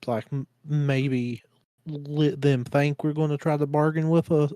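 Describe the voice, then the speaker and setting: A man's voice: a little high, little pitch movement, measured pace, dark tone, clean tone, dry recording. A man playing a tabletop game, talking in a hesitant way with lots of fillers. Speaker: player. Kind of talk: casual tabletop play.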